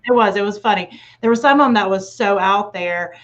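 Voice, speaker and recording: A woman's voice: mid-range voice, fairly quick, highs cut off. A middle-aged woman from Tennessee hosting a podcast, telling stories in a loose, rambling way with many fillers. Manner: rambling, filler-heavy storytelling. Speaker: podcast host. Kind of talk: casual podcast chat.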